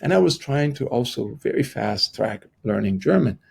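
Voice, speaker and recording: A middle-aged man, a podcast guest, telling a personal story in conversation. He speaks haltingly with frequent restarts and acts out the people he quotes. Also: medium pitch, expressive, creaky, breathy edge.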